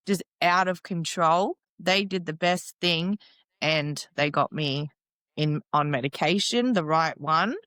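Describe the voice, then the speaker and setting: A woman's voice: on the low side, a bit bright, smooth, no echo. A young woman, a guest in an interview, talking plainly and casually about her life. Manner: plain-spoken, casual, lots of fillers.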